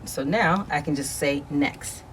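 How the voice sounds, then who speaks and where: A woman voice actor with a low-pitched voice walks through her setup at home. She is chatty and explanatory, correcting herself as she goes. She is close on a quality studio microphone in a quiet room. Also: a little slow, a little hiss or hum. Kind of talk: casual screen walkthrough. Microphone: studio condenser microphone.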